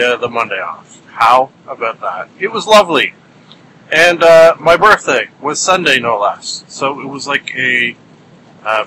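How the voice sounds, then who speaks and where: A man's voice: medium pitch, bright, forceful tone, slight background noise, low-quality recording. A man hosts his podcast from a car while driving. He talks in a playful, rambling way, stretches words out for comic emphasis, and uses many fillers. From Ontario, Canada. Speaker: podcast host. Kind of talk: casual solo podcast monologue.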